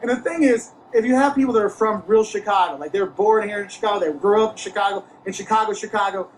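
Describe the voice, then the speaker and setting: A man co-hosting a casual travel chat, giving measured, explanatory tips. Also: high voice, a little hiss or hum, poor audio. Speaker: co-host.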